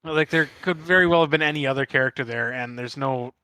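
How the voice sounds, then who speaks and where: A man with a Midwestern accent, co-hosting a casual podcast chat, halting and swearing casually. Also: medium pitch, sharp tone, clear, resonant tone, no room sound. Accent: Midwestern American. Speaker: guest host.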